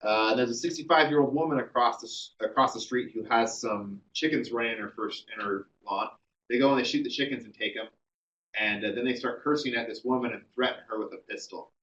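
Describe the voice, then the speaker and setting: A man's voice: mid-range voice, a little fast, a bit bright, far from the mic, highs cut off. A man giving a classroom history lecture, telling the story conversationally with many ums and uhs.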